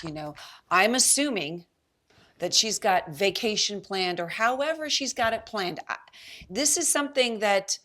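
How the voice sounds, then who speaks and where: A real estate agent appears as a guest on a podcast, chatting casually and telling an animated story with acted-out quoted voices. She has a mid-range voice and speaks at a normal speed.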